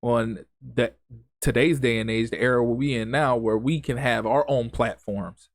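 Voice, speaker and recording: A man's voice: medium pitch, steady tone, moderate pace, no room sound, clean studio sound. A man hosting a solo podcast, speaking in an impassioned, emphatic way with lots of repetition and casual grammar. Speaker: podcast host.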